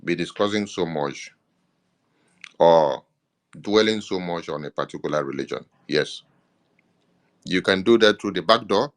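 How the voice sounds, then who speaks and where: A man with a Nigerian accent delivers an impassioned political address with a very low, heavy voice. He speaks as a government media minister and punctuates his points with emphatic affirmations. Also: a little slow, long pauses. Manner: emphatic, repeats "yes" to stress points.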